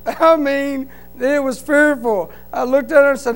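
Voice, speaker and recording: A man giving an emotional church testimony in plain, folksy speech, repeating his phrases and swinging between loud fervent cries and quiet, hushed stretches. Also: very high voice, steady tone, a little slow, faint music behind, poor audio. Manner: fervent, rising to loud cries then dropping to a quiet hush.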